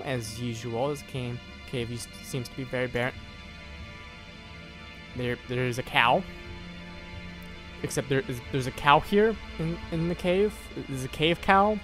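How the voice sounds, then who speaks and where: A man hosting his gaming channel, giving excitable, rambling and playfully dramatic commentary while he plays. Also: a little high. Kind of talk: gameplay commentary.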